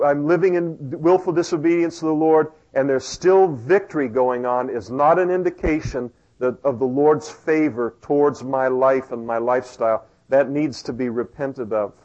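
A man's voice: on the high side, a little mellow, lo-fi sound. A male pastor preaching a sermon in a church, talking conversationally with self-deprecating asides and fillers.

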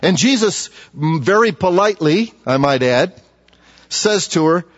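A man's voice: high voice, animated, unhurried. Man preaching in an echoing hall. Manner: conversational preaching with asides and rhetorical questions. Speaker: pastor. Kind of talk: sermon. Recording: dull audio with long hall reverb.

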